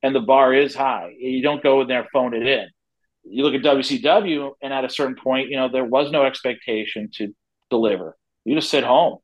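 A man's voice: medium pitch, steady tone, fairly quick, dull audio. A man in his forties, head of a wrestling company, answering interview questions in a talkative, storytelling way with frequent restarts. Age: 40s.

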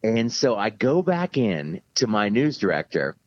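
Animated man telling a story, dull dry sound. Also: fairly low pitch, measured pace. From Charlotte area, USA. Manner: animated, laughing through a story, self-mocking. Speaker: guest. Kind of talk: anecdotal storytelling.

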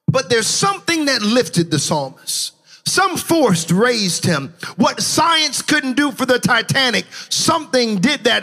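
A man preaching a sermon as pastor, impassioned, with a sing-song cadence that swings from shouts to low, hushed lines. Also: very animated, unhurried.

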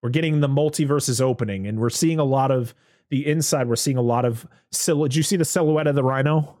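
A man's voice: medium pitch, brisk, a little mellow, no room sound, studio quality. A man hosting a casual chat, rambling through a movie recap and swearing freely.

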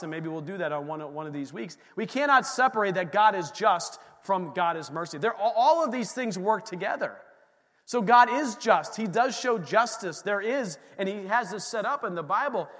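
A man in his thirties preaching a sermon as pastor, animated and joking with the congregation. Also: high voice. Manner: animated preaching with asides and humor. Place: church sanctuary. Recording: long hall reverb from a church room.

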